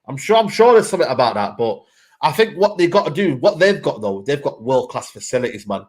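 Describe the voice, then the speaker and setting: A man co-hosting a casual football chat on a live stream, excitable and peppering his talk with "man" and "mate". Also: medium pitch, a little fast. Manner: excitable, fills lines with "man", "mate" and "bro". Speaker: co-host, football fan.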